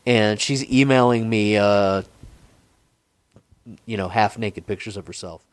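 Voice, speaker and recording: A man's voice: lowish voice, unhurried, no room sound. A man in his forties telling a long, rambling, profane story in a casual chat, with frequent restarts. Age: 40s.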